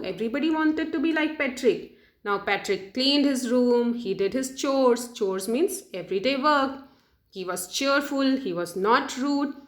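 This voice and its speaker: A woman's voice: on the high side, roomy sound. Woman teacher explaining a story. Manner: explains words slowly, asks questions to the class. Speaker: English teacher. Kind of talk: storytelling lesson with word explanations.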